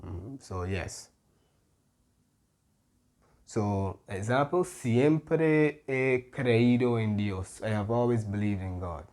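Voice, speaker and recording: Slow, mellow-voiced male tutor. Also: lowish voice. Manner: slow, patient, with frequent "mm-hmm" fillers. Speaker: Spanish tutor. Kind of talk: grammar lesson explanation.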